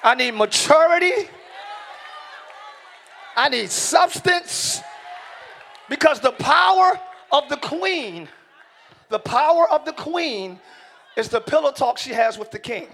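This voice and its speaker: A middle-aged man preaching a sermon in a church, shouting key lines and slowing down for emphasis while joking with the congregation. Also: very high-pitched, lively intonation, vocal fry, a faint crowd, a little hiss or hum. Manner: joking, talks directly to the congregation. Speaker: pastor. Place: church sanctuary.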